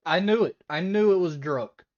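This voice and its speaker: A woman hosting a reaction video, giving animated, incredulous commentary. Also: on the low side, normal speed, lo-fi sound. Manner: animated, incredulous, breaks into laughter.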